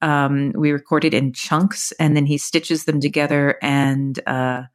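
A woman's voice: low-pitched, little pitch movement, a little slow. A woman author talking as a guest on a podcast interview, chatty, with many fillers and restarts.

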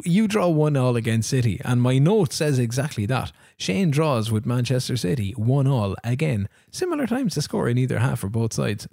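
A medium-pitched man with vocal fry and a darkish tone, recorded dry in a clean studio. He co-hosts a casual podcast about a football video game, rambling through stories, laughing often, and acting out dialogue.

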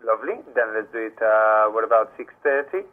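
A man's voice: on the low side, a little fast. A man working at a restaurant, taking a booking and patiently repeating his questions. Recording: tinny phone line.

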